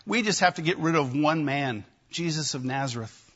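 A man preaching a sermon, emphatic and animated, with wry asides to his listeners. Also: fairly high pitch, moderate pace, husky, muffled recording. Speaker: pastor.

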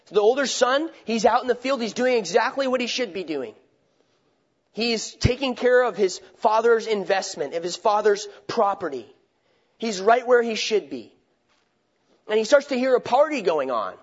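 Male preacher, high register, conversational sermon, dull lo-fi audio. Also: lively intonation, normal speed. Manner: conversational, asks rhetorical questions, restarts phrases. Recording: dull lo-fi recording.

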